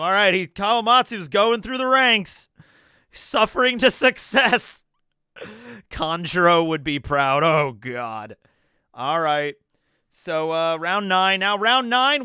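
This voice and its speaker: A man's voice: on the high side, sharp tone, smooth, no room sound, studio quality. A man streaming live, rambling through casual commentary, swearing and laughing as he goes.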